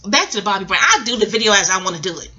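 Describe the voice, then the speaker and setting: Bright-voiced woman rambling casually. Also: mid-range voice, sing-song, very fast, highs cut off, slight background noise. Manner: scattered, tangent-jumping, profane. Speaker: vlogger.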